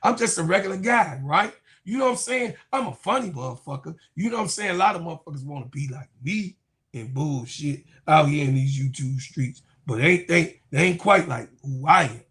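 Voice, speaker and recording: Fifties male sports vlogger, high voice, loose profane rant. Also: brisk. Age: 50s. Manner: animated, profane, keeps repeating "you know what I'm saying". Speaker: sports YouTube commentator. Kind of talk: casual rant to viewers.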